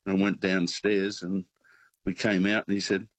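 A man phoning in to a radio show, telling a meandering story with plenty of ums and uhs. His voice is very deep and husky, and the sound is dry and close. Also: flat delivery, normal speed, dry recording. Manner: rambling storyteller, many fillers. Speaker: caller.

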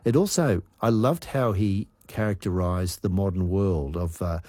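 A low-voiced man hosts a radio talk segment, taking his time and musing aloud. His voice sits close and dry on a studio mic, with no room around it. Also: a little mellow, dry recording. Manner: reflective, with drawn-out musing pauses. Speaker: radio host.

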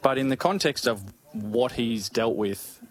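An Australian man co-hosting a sports radio show, chatting casually in a rambling, jokey way with many halting restarts. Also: medium pitch, faint music behind. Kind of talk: casual chat.

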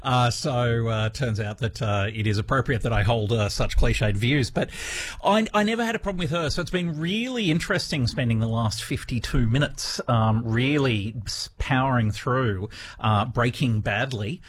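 A man's voice: medium pitch, normal speed, husky. An Australian man in his fifties, a radio TV critic, chatting on air in a rambling, self-deprecating way with many restarts. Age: 50s. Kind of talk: casual radio chat.

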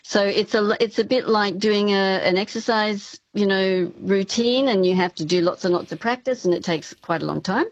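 A woman's voice: medium pitch, normal speed, few pauses, dry recording, highs cut off. A woman speech pathology professor explaining her work as a radio interview guest, with frequent ums and restarts.

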